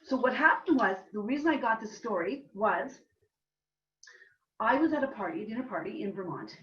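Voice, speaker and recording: A woman's voice: medium pitch, slight background noise. Canadian woman playwright rambling chattily about her play, echoey room, dull muffled sound. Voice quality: rambling, chatty storytelling with restarts. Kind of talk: casual talk at a reading. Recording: distant roomy dull live recording.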